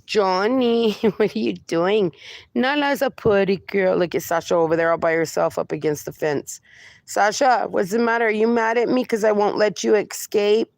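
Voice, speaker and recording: A woman's voice: medium pitch, measured pace, gravelly, darkish tone, no room sound. A woman hosting a casual livestream from her fenced yard, cooing baby talk at her dogs between replies to viewers. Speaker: livestream host.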